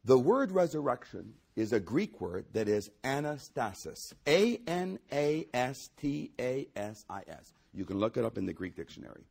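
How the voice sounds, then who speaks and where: Male pastor, husky gravelly voice, lively emphatic sermon delivery. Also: medium pitch, normal speed, few pauses. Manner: animated, emphatic, builds to raised voice.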